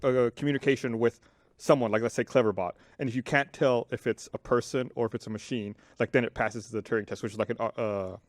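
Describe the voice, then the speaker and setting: A man chatting on a podcast, jumping in quickly and explaining ideas. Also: medium pitch, fairly even intonation, no room sound, clean studio sound. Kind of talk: casual podcast chat.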